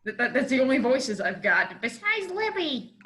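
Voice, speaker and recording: A woman's voice: high voice, big pitch swings, normal speed, pushed and bright. A woman guest on a casual podcast, chatty and full of fillers as she talks. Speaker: podcast guest and tabletop player.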